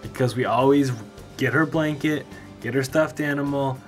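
A man's voice: mid-range voice, steady tone, moderate pace, faint music behind. A young man vlogging at home, talking casually to his viewers about his evening with family. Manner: chatty, talks straight to camera, playful with dog and baby. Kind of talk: casual vlog chat. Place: home, indoors.

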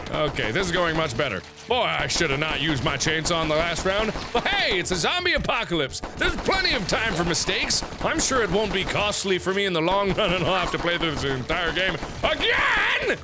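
A man giving let's play commentary on a video game, swinging between loud outbursts and mumbled planning. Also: high voice, big pitch swings, normal speed, background noise. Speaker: gaming video host. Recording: game music clearly audible behind. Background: game music.

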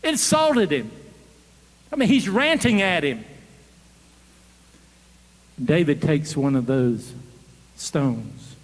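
Animated preacher in a reverberant church. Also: male voice, on the high side, takes it slowly, long pauses. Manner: animated, questioning the congregation. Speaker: guest preacher. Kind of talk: sermon storytelling. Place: church sanctuary. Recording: long church hall reverb.

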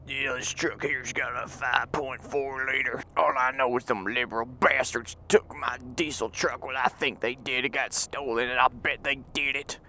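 A man voicing a grumbling, resentful middle-aged pickup truck owner who swears a lot, speaking quietly and low. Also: steady tone, moderate pace, hardly any pauses, a little hiss or hum.

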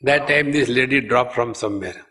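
With an Indian English accent, a spiritual teacher gives a humorous spiritual discourse, chanting verses and telling stories. His voice is medium-pitched and sharp in tone, and he speaks at a moderate pace.

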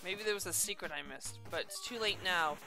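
A woman's voice: fairly low pitch, fairly quick, music in the background. A woman doing let's play commentary, exasperated, swearing freely, with yelps and laughs. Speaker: video game streamer.

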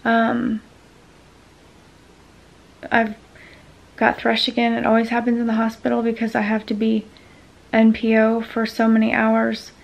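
A woman's voice: fairly high pitch, completely flat delivery, unhurried, vocal fry, pauses often, dull audio. A woman venting frustration in a casual talking-to-camera vlog, with lots of ums. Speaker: vlogger sharing a medical experience.

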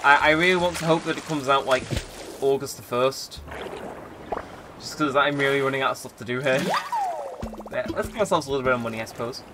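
A man hosting a casual let's play, rambling through his plans with many pauses and fillers. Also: medium pitch, music in the background. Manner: rambling, relaxed, lots of ums and likes. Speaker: gaming channel host.

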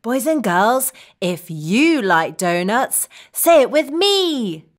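A woman's voice: fairly high pitch, sing-song, slow pace. A woman teaching children English in a scripted cartoon lesson, talking in an exaggerated sing-song way that coaxes kids to repeat phrases.

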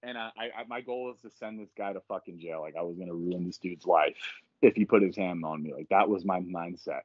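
A man on a podcast, telling a story casually and profanely, with lively acted quotes. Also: low voice, a little fast, no echo, dull audio. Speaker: podcast guest.

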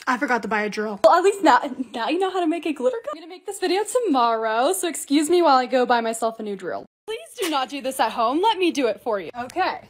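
A young woman narrating her own lifestyle vlog in a bubbly, excitable, casual way. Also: sits high, fast, few pauses, slight background noise. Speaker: lifestyle content creator.

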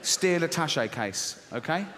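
A middle-aged man with a fairly high voice tells a stand-up story on stage, acting out the arguing voices in his head. His delivery is lively, with big swings in tone. The mic carries the long reverb of a big theatre. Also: a little slow. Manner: animated storytelling, acts out his inner voices. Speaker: stand-up comedian. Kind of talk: stand-up comedy routine. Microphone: stage microphone.

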